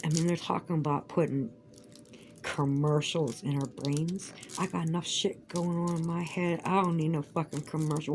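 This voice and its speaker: A woman's voice: low voice, darkish tone, a little hiss or hum, rough recording. A woman chatting casually while crafting, rambling and profane, with emphatic outbursts. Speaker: vlogger.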